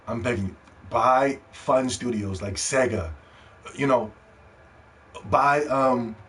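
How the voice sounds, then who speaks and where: A man hosting a gaming podcast, ranting and pleading, dropping to hushed begging and then rising to shouts. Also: mid-range voice. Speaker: podcast host.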